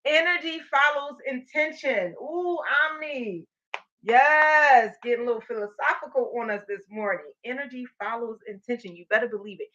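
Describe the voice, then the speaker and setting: Woman live-stream host, bright and energetic, cheering viewers on; slightly muffled stream audio. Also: on the high side, moderate pace, slight background noise. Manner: energetic, encouraging, calls out to viewers. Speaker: motivational livestream host. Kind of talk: live-stream pep talk reading comments.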